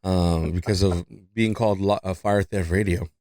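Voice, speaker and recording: This podcast host, a non-native English speaker, has a low, a little mellow voice with fairly even intonation and a normal speed. Recorded in a clean studio with no room sound, he rambles casually, laughing a lot and sprinkling in fillers and "you know."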